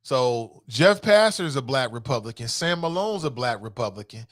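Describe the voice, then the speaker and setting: A man's voice: medium pitch, expressive, moderate pace, a bit bright. A man hosting a casual morning talk show, speaking off the cuff, often laughing and slipping into quoted voices. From Cincinnati area.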